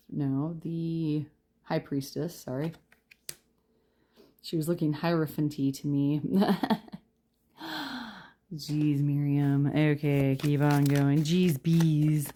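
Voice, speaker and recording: Low, mellow-voiced woman reading tarot. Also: fairly even intonation, takes it slowly, pauses often. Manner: chatty, self-deprecating, laughs often. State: tired, yawning. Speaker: tarot reader. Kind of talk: chatty pick-a-card tarot reading.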